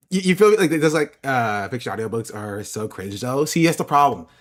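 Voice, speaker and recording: A male streamer casually responds to his chat's questions as they come in. His pitch swings widely, and he laughs frequently and repeats phrases to drive points home.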